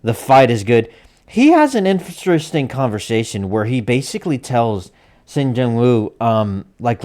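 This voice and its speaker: A man's voice: medium pitch, very animated, a little slow, darkish tone. A man casually recapping anime episodes, rambling, correcting himself often and chuckling along the way.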